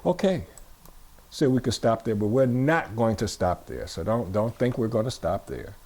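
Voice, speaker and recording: An animated male pastor with a lowish, slightly mellow voice delivers a church sermon at a moderate pace. He keeps repeating phrases and questioning his congregation, call-and-response fashion.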